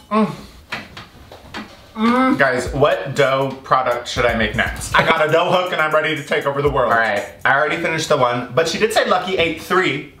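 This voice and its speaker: A man's voice: on the high side, bright, forceful tone, reverberant, slight background noise. A man chatting casually in a cooking vlog in his home kitchen, gushing and exclaiming constantly over the food. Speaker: food vlogger.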